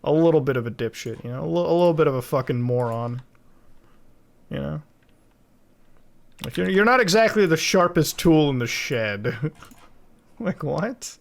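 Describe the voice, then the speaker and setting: A man's voice: fairly high pitch, animated, normal speed, gravelly, long pauses. A young man streaming from home while editing video, chatting casually and rambling with lots of swearing and laughing asides.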